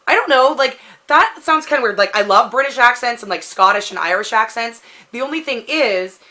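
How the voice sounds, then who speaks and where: Talking a little fast with a fairly high, animated and sharp-toned voice, this thirtysomething vlogger from the Pacific Northwest rambles casually through her question tag, leaning heavily on "like."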